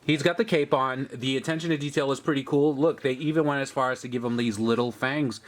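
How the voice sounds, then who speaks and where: A man's voice: mid-range voice, steady tone, fairly quick. A man hosting a casual toy review, chatting upbeat as he points out details on each figure. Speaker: host of a toy review channel.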